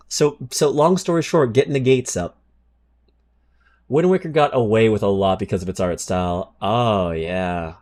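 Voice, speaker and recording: A man streaming live chats casually with his viewers, swearing freely and reading game card text aloud. He has a lowish, darkish voice and speaks at a moderate pace.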